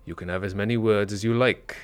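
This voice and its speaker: Low smooth voiced guy calmly playing a tabletop game, faint music under it. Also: fairly quick. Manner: calm, describing his character's actions. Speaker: player.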